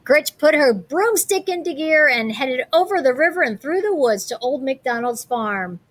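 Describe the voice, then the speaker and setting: A woman reading a picture book aloud, animated, with playful comments on the pictures. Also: high voice, normal speed. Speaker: storybook reader.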